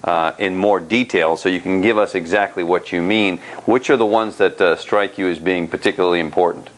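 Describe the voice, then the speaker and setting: A man's voice: sits low, steady tone, fairly quick, low-quality recording. A man interviewing an author, prompting him and rephrasing his points back as questions.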